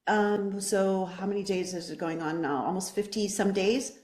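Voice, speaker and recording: A woman's voice: mid-range voice, steady tone, normal speed, a little mellow. Passionate woman candidate in a roomy space. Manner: passionate, emphatic, rhetorical questions. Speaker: political candidate. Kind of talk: interview answer.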